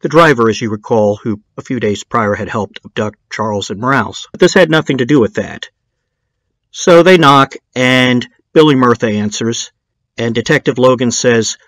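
A man's voice: mid-range voice, normal speed, a bit bright, no echo. Guy telling a true crime story, casual and blunt, swears a bit, dry voice. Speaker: documentary narrator.

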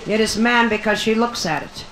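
A woman's voice: a little high, normal speed, fairly bright tone, a little hiss or hum. A woman stand-up comedian doing a bawdy, brassy live routine, punchy and drawn out for the crowd. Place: nightclub stage. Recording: echoey live club recording with audience. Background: audience laughter.

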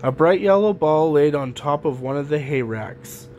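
A man reading a children's picture book aloud in a gentle, even storytelling manner. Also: fairly high pitch, normal speed, dull audio, a little hiss or hum. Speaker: storybook reader.

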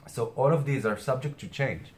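A man's voice: medium pitch, moderate pace, darkish tone. A man astrologer speaking earnestly to camera, hesitating and restarting often, with something caught in his throat. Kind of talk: weekly spiritual message to camera.

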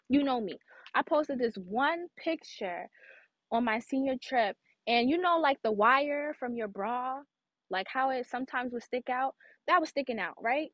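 High-voiced woman, candid motivational vlog. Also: fairly bright tone, dry recording, dull audio. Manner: candid, emphatic, repeats points for emphasis. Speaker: vlogger. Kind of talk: casual motivational storytelling.

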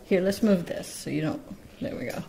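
A woman parrot breeder talking casually about her baby birds and gently coaxing them with sing-song encouragement. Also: lowish voice, creaky, slight background noise. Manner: slow, gentle, coaxing, with frequent laughs. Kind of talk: casual vlog narration and baby-talk to birds.

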